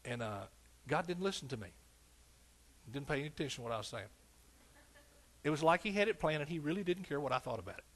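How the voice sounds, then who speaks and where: A man's voice: fairly high pitch, lively intonation, fast, pauses often. A man in his sixties with an East Texas accent, preaching a sermon with fervent exclamations and folksy storytelling. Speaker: pastor.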